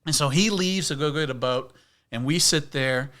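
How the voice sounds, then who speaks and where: A middle-aged man, a podcast guest, telling an outdoor story in a lively, casual way and acting out the scenes. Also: on the high side, moderate pace. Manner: animated storyteller, acts out scenes. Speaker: guest, backpacking video creator.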